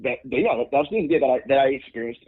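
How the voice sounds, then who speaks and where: A man telling a story as an interview guest, acting out the people in it with sudden jumps in pitch. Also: very fast, slightly rough. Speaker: guest demonologist. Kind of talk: animated storytelling. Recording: phone-like lo-fi audio.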